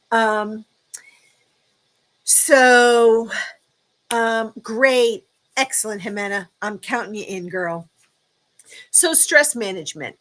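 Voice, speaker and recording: A woman's voice: a little high, fairly bright tone. A woman hosting a casual live chat, talking in a chatty, encouraging way with lots of ums and restarts. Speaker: livestream host.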